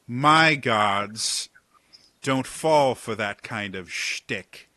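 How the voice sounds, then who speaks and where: A man's voice: medium pitch, bright, forceful tone, dry recording. A man doing a haughty elf queen. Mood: sarcastic. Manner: formal, measured, coolly polite. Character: poised female wood elf leader, haughty.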